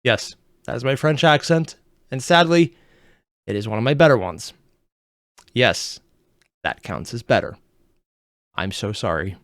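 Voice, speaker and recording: A young man hosting a reaction video, chatting casually and rambling with unsure asides in quick bursts. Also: mid-range voice, expressive, fairly bright tone, no room sound, clean studio sound.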